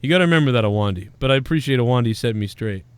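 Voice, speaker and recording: A man's voice: medium pitch, lively intonation, very fast, smooth. An American man hosting a show, rambling and swearing in casual banter. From United States. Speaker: podcast host.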